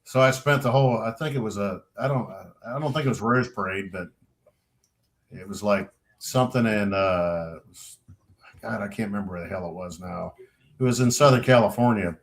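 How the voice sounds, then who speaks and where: A middle-aged man in casual storytelling mode, animated and a little profane. He acts out other people's lines with sudden jumps in pitch and volume, then drops back to an easy, ordinary voice. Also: normal speed. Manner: animated storyteller, acts out quotes loudly, swears freely. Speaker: podcast co-host, veteran.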